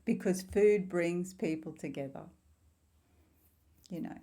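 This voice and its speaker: Woman, middle-aged, mellow dark tone, casual vlog, heartfelt, rambling storytelling. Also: fairly low pitch, slow. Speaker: spiritual vlogger. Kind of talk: casual talk to camera.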